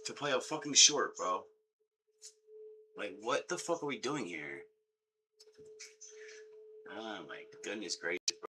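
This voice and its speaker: A man's voice: fairly low pitch, big pitch swings, unhurried, pauses often, noisy background. Swearing, fed-up young man ranting. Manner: exasperated, swearing, repeats himself, says "bro" a lot. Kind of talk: casual profane rant.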